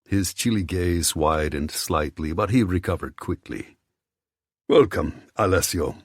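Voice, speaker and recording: A man reads an audiobook in the first person, his voice deep and husky. His telling is tense and inward, with plenty of movement in pitch. The sound is close and dry. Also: a little slow, no room sound. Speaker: audiobook narrator. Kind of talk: scripted audiobook narration.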